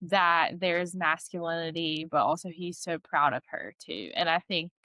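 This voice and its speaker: A woman's voice: fairly low pitch, normal speed, bright, forceful tone, no room sound. A woman therapist joining a podcast chat, earnest and thoughtful.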